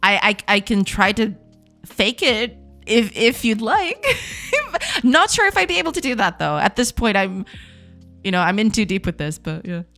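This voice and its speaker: Woman, from Portugal, Portuguese native, casual stream chat, very animated intonation, quiet music underneath. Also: mid-range voice, moderate pace. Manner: giggly, reads chat aloud and answers it. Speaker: game dev streamer.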